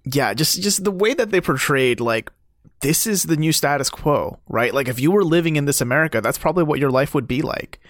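A man recapping a video game story casually as podcast co-host, relaxed and full of fillers. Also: a little high, dry recording, studio quality. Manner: relaxed, filler-heavy recaps, quick to laugh.

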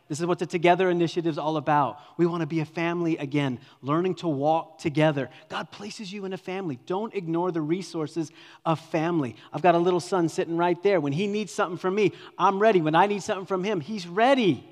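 A dynamic male pastor delivers a sermon in a large hall with long reverb, swinging from loud emphasis down to hushed near-whispers. His voice is fairly high and his intonation fairly even, and he talks fast.

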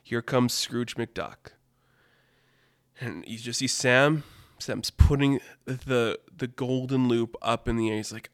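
A man hosting a casual storytelling podcast, animated and laughing often, with lots of "like". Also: medium pitch, slow pace, no room sound, studio quality. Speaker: storyteller host.

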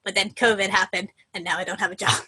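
A woman's voice: medium pitch, fairly even intonation, quick pace, pushed and bright, slightly rough. A young woman in her twenties, co-hosting a podcast in chatty, casual talk and laughing often. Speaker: podcast co-host. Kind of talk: casual chat.

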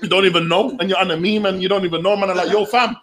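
A man, speaking as a researcher guest in an animated conversation, full of slang and acting out the voices of people he quotes. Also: high voice, racing. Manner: slangy, acts out quoted voices, bursts into laughter. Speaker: youth violence researcher and guest.

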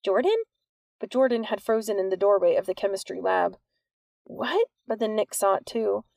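Woman audiobook narrator, steady storytelling, gravelly voice, dry close recording. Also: mid-range voice, fairly quick, dry recording. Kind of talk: scripted narration.

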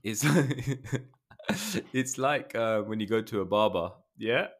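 A man's voice: medium pitch, very animated, slow. A man co-hosting a podcast in casual, joking chat who mimics the voices of others. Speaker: podcast co-host.

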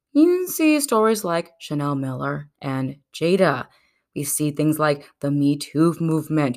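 A young adult woman giving casual video commentary, sarcastic and animated, slipping into mocking voices. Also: on the low side. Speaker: video essayist.

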